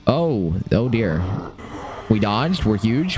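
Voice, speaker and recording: A young man commentating his own game run, excitable and swearing, talking to himself. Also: on the low side, moderate pace. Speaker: gaming streamer. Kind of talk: live let's-play commentary.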